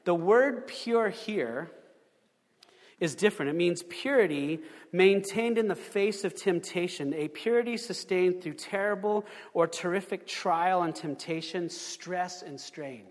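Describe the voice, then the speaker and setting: High-voiced man preaching in a reverberant hall. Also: animated, measured pace. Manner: conversational preaching with rhetorical questions and repetitions. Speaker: pastor. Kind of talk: sermon.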